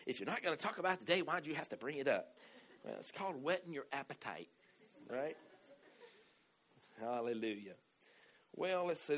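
A man preaching a sermon, moving between quiet conversational asides and loud emphatic declarations, often adding "right?" and "amen". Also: medium pitch. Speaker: pastor.

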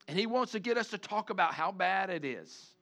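A man preaching a sermon, animated, switching between chatty asides and loud shouted lines, acting out the people he quotes. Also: high-pitched, brisk. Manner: acts out the congregation and the people he quotes. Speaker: pastor.

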